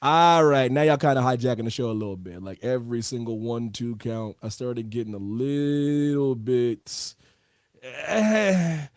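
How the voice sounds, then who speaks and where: A man's voice: mid-range voice, measured pace, no echo. A man hosting a podcast, joking in casual banter and often cutting in over others. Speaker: podcast host.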